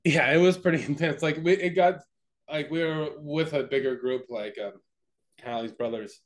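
A young man co-hosting a podcast tells a story in casual conversation, rambling and swearing, with lots of fillers and restarted sentences. His voice is on the high side and he talks at normal speed.

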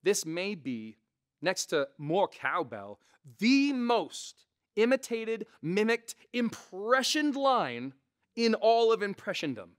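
A man with a resonant voice, a comedian casually teaching impressions to camera, animated and conversational. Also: high voice, takes it slowly. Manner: animated, conversational, frequent "right?" asides. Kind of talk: casual instructional talk to camera.

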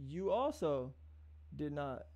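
A man hosting a live music review stream, talking loosely to his viewers with friendly slang, repeated words and long hummed pauses. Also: fairly high pitch, very animated, a little mellow, no echo. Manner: loose, repetitive, restarts and drawn-out hums; encouraging, street-casual address to viewers. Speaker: livestream music review host. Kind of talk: casual live-stream talk to chat.

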